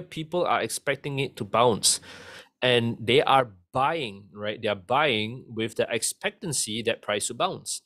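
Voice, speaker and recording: A man's voice: medium pitch, fairly bright tone. A man explaining trading in a casual, conversational lesson, often checking in with the listener. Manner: conversational, keeps asking "right?". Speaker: trading instructor.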